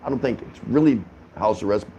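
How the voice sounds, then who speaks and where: A man's voice: on the low side, brisk, highs cut off, noisy background. A man hosting a casual vlog from his apartment, rambling and chatty with lots of restarts and fillers. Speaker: vlogger host. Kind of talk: casual talking-head vlog. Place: apartment indoors.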